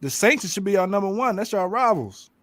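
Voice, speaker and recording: Fast-talking, trash-talking man. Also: sits high, expressive, a bit bright. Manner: confident trash talk. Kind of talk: casual sports chat.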